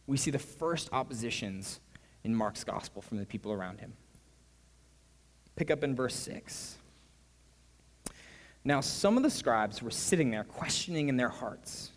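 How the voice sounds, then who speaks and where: A man preaching a sermon as pastor, animated, his voice swinging between hushed and loud. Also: fairly high pitch, normal speed. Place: church. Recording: reverberant church hall.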